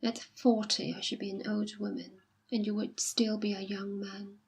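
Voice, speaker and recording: A woman reading aloud as a jilted young woman who is quiet, dignified and self-sacrificing. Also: mid-range voice, flat delivery, moderate pace, creaky, husky. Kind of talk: audiobook reading.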